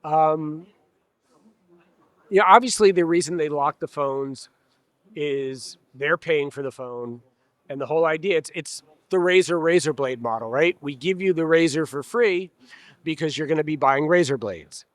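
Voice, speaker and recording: Here a slightly high-voiced man talks at a measured pace, with no room sound at all. At an expo hall, this trade association president gives a relaxed, conversational interview, frank and dryly funny, voicing dealers and customers in brief quoted bits.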